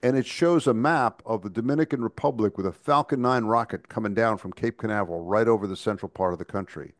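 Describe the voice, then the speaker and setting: A man's voice: lowish voice, fast talker, no room sound, studio quality. A man co-hosting a podcast, talking casually and chattily with frequent restarts and stammers. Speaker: podcast co-host. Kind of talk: casual chat.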